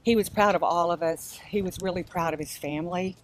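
A woman's voice: on the low side, brisk, a little hiss or hum. An older woman giving a chatty eulogy in a church, laughing as she shares stories. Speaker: family member giving a eulogy. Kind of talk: memorial speech.

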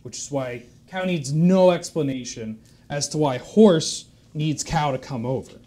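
A man's voice: a little high, measured pace. Man rambling through a shaggy-dog joke. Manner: meandering, self-correcting, deadpan asides. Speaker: stream performer.

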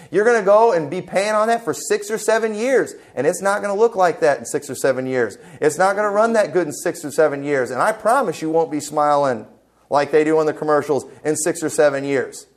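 A man preaching a sermon as pastor, emphatic and folksy, full of rhetorical questions, in a church. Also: a little high. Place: church sanctuary.

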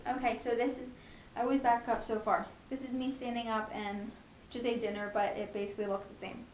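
A young woman in a casual home vlog, talking fast and chattily about her pregnancy, with lots of ums and likes. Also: a little high, level tone, a little mellow, a little hiss or hum. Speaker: pregnancy vlogger. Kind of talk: casual chat.

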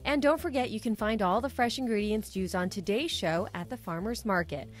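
A woman announcer reading a scripted closing voice-over, clear and informative. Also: mid-range voice, a little fast.

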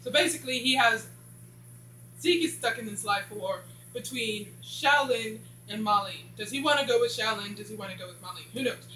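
A woman's voice: on the high side, normal speed, bright, forceful tone, soft background music. A woman casually recapping a TV episode, rambling and skipping dialogue with "blah, blah.". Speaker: TV show reviewer. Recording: echoey room with faint hum.

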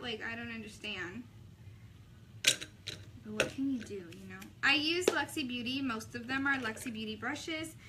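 A young woman vlogging a makeup tutorial, chatting casually with a sassy, animated way of telling stories. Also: on the high side, a little slow, a little hiss or hum.

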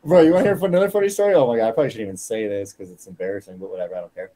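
A man telling stories on a casual podcast, profane and animated, acting out the quotes in them. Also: on the low side, rapid-fire, a crowd in the background. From Colorado. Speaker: guest fighter.

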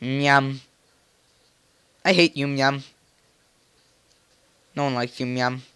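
With game music in the background and a little hiss or hum on the recording, a man riffs playfully to himself while gaming. His mid-range voice holds a steady tone, slow and pushed, with a bright edge, full of rambling jokey asides in typical let's play style.

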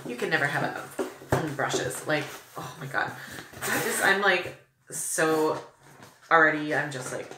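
A woman's voice: fairly low pitch, expressive, a little slow, echoey room, background noise. Gushing valley-girl woman unboxing makeup. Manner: gushing, breathless exclamations, valley-girl fillers. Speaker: beauty vlogger. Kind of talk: excited unboxing chat.

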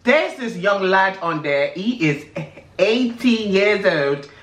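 A man's voice: sits high, measured pace, a bit bright. A man putting on a chatty British gossip voice who ends nearly every sentence with a questioning "yeah?", in a roomy, echoey recording. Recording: roomy echo.

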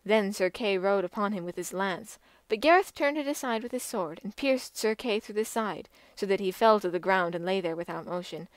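Clear-voiced woman narrating an old tale. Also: mid-range voice, dry recording. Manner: measured and expressive. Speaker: audiobook narrator. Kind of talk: scripted storytelling narration.

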